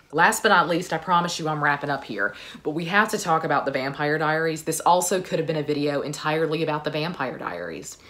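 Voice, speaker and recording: A woman's voice: low-pitched, a bit bright. A woman vlogger chatting casually and enthusiastically about her favorites, with frequent fillers. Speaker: book vlogger. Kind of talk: casual chat.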